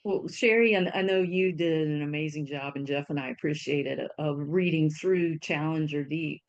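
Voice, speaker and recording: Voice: mid-range voice, moderate pace. A podcast co-host asking friendly, slightly hesitant interview questions. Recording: dull lo-fi mic.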